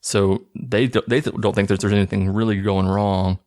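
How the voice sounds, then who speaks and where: A man's voice: lowish voice, steady tone, normal speed, a little mellow. A man casually recapping a movie plot in a mocking, incredulous tone.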